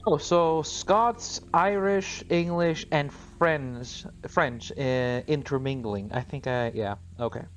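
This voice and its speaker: A man's voice: on the high side, slow pace, few pauses, muffled recording. A man hosting a casual podcast chat and asking curious, easygoing questions. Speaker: podcast host.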